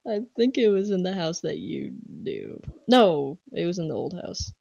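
A woman's voice: on the low side, sing-song, moderate pace, gravelly, warm tone, husky, dry recording, muffled recording. A young woman co-hosting a podcast, telling stories animatedly and laughing often. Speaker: podcast co-host. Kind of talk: casual chat. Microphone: online voice call.

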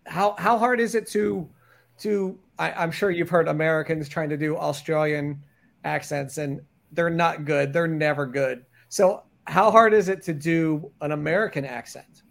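A man's voice: a little high, moderate pace, gravelly, a bit bright. A man hosting a podcast, asking his guest questions in a casual, conversational way. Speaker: podcast host. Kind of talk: casual interview chat.

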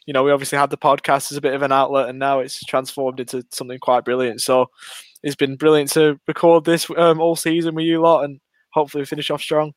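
A man's voice: a little high, little pitch movement, fast, no echo. A man co-hosting a podcast, rambling and mocking himself in casual chat. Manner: self-mocking, rambling, laughs easily. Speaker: podcast co-host.

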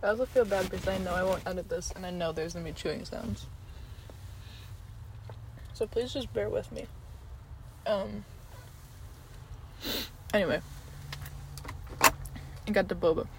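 A woman's voice: mid-range voice, a little slow, pauses often, a little hiss or hum, low-quality recording. A young woman giving a casual, rambling food review while eating, chatty and giggly with many ums. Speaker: vlogger.

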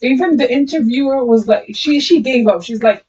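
A woman's voice: high-pitched, moderate pace, dark tone, slightly rough. A woman co-hosting a casual podcast, an amused storyteller who laughs often. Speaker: podcast co-host. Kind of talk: casual chat. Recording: muffled, distant, lo-fi mic.

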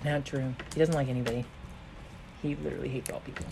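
A woman in her thirties co-hosting a casual podcast, animated and jokey, acting out quotes and swearing freely. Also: very deep voice, quick pace, gravelly, noisy background. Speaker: podcast co-host. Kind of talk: casual chat.

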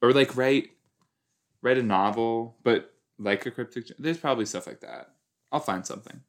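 A man's voice: mid-range voice, normal speed. A young man reacting casually to a TV episode as he watches, thinking aloud with lots of fillers and exclamations. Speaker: reaction podcast host.

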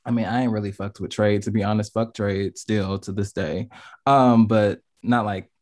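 A man speaking as a podcast guest in a candid, expressive way, swearing freely. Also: on the low side, normal speed. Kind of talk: casual discussion.

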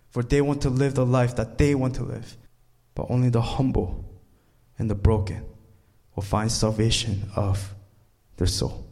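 A man's voice: mid-range voice, darkish tone. A male pastor preaching a sermon, reading scripture aloud and driving points home with emphatic rises.

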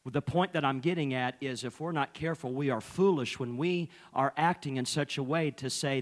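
A man's voice: medium pitch, normal speed, few pauses. A male pastor preaching a fervent sermon, opening nearly every phrase with "uh".

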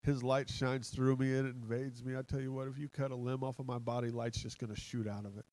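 Guy preaching a fired-up sermon, mid-pitched voice, dry close sound. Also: quick pace, no echo, poor audio. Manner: impassioned, excitable preaching with laughter. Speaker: pastor. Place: church.

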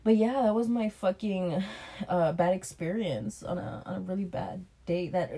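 A podcast co-host recounts a bad date in a low-ish voice at a moderate pace. She curses freely and voices both people in the exchange, animated and casual.

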